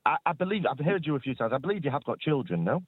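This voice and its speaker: Lively argumentative male caller on a phone line. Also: a little high, racing, husky, no room sound. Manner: argumentative, stammering restarts.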